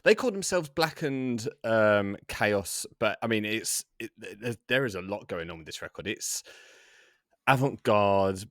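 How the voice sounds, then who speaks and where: A man's voice: lowish voice, expressive, unhurried, a bit bright, no echo, studio quality. A man co-hosting an album review, talking casually with lots of fillers and restarts. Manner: hesitant, many fillers and restarts. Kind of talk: casual chat about music.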